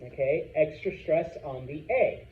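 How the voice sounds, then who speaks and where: A man's voice: a little high, unhurried. A middle-aged man teaching a Spanish class, chatty and joking, checking in with "okay?" after most points. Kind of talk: classroom lecture. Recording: tinny, echoey classroom recording with faint hiss.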